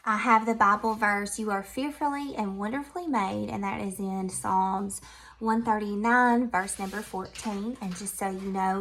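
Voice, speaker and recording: A Southern woman chats through a casual tour of her spring decorating at home. Her pitch is mid-range and her tone is affectionate and easygoing. She wanders between hushed, tender asides and brighter, more excited comments. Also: normal speed. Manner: chatty and affectionate, drifting between soft and lively.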